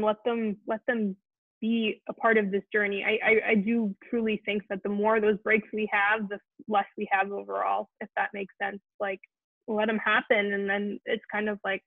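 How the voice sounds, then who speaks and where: A woman hosting an online support Q&A, speaking in a gentle, earnest way with frequent restarts. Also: medium pitch, flat delivery, normal speed, no echo. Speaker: host of a support Q&A. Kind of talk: casual heartfelt talk to an online group. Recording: tinny phone-like line, very dry.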